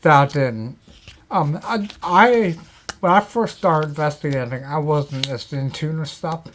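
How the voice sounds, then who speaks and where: A man, a guest on a talk show, telling paranormal stories in casual chat, animated and acting out quotes. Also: fairly high pitch, a little slow, a little hiss or hum. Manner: animated storyteller, acts out quotes.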